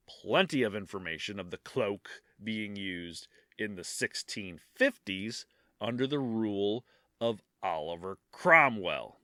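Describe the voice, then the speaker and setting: A man's voice: lowish voice, bright, forceful tone, no room sound, studio quality. A man co-hosting a podcast who reads from notes and chats casually, laughing and swearing easily. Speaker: podcast co-host.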